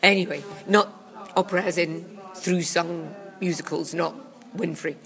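A woman's voice: on the low side, fairly even intonation, a little slow, vocal fry, a bit bright. A woman, a comedy critic co-hosting a casual chat, dry and blunt in manner. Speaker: comedy critic and podcast co-host.

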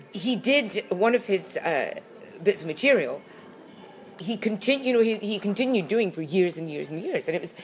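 A woman with a fairly low voice talks in a loose, halting way, circling back and restarting her sentences. A recurring cough breaks in now and then. When something annoys her she grows lively and emphatic. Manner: halting, full of restarts and fillers, animated when indignant. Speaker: podcast co-host. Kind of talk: casual chat.

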